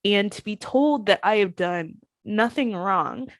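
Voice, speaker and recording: A woman, a professional wrestler, telling candid stories in an interview and acting out past conversations with lively shifts. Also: mid-range voice, unhurried, no echo. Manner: animated, acts out past conversations in her stories.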